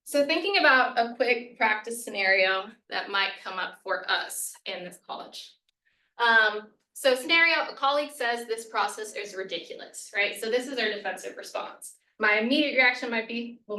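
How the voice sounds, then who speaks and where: Bright-voiced woman presenting in an echoey room. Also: fairly high pitch, expressive, normal speed. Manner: conversational, frequent "right?" and "um", acts out sample phrases. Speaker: workshop presenter. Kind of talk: lunch-and-learn presentation. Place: college meeting room. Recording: echoey room, voice a bit far from the mic.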